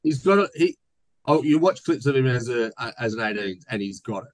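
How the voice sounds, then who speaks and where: A man's voice: mid-range voice, animated, a little fast, no echo, poor audio. Chatty man, dry close sound. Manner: chatty, jokey, reads listener mail aloud. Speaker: podcast co-host. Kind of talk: casual chat.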